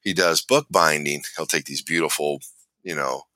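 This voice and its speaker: A middle-aged man with an extremely deep voice tells a long personal story in a casual chat. His tone still has a bright, forceful edge, and the sound is close and dry. He rambles with plenty of fillers and keeps slipping into what each person said. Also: normal speed, no echo. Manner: rambling, re-enacts dialogue with fillers. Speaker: guest storyteller.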